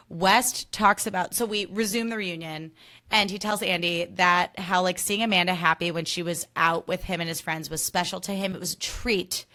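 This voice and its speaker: A woman's voice: lowish voice, sharp tone. A young woman hosting a podcast, recapping reality TV in a chatty, sarcastic way, swearing freely and acting out quotes. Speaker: podcast host.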